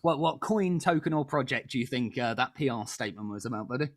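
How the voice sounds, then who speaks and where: A man hosting a comedy crypto panel game, playful and teasing, stammering over quick restarts. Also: medium pitch, lively intonation, dry recording, clean studio sound. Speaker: game show host.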